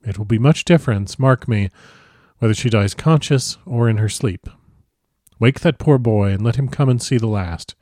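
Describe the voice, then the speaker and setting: A man's voice: medium pitch, normal speed, darkish tone, no echo, studio quality, natural voice. A man voicing a stern elderly doctor in an audiobook, grave, clipped and solemn. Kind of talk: audiobook character voice.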